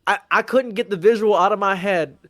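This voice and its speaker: A man chatting casually as a co-host, excitable and laughing, acting out characters' lines as he retells a scene. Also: high voice, a little fast. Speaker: podcast co-host.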